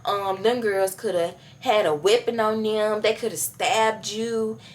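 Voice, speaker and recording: A woman's voice: medium pitch, steady tone, measured pace, close to an everyday voice. A young woman retelling an angry scolding mother. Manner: scolding, lecturing.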